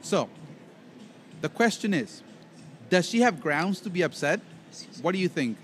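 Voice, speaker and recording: A man's voice: high-pitched, sing-song, unhurried, a little hiss or hum. A man co-hosting a casual podcast chat, a professional interpreter who tells rambling stories and jokes around. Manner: rambling, joking storyteller. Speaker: podcast co-host.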